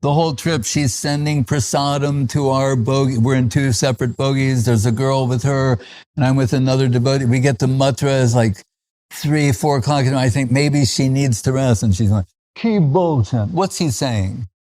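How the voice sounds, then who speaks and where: A man's voice: mid-range voice, steady tone, normal speed, darkish tone. A man giving a devotional festival talk, recalling stories with frequent chuckles and fillers like "uh" and "like".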